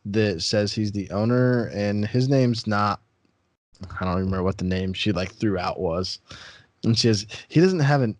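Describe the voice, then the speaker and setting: A man hosting a podcast as a real estate broker, telling stories in casual chat and getting animated as he acts out the people in them. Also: no room sound. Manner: animated storyteller, acts out callers and rises in pitch when worked up.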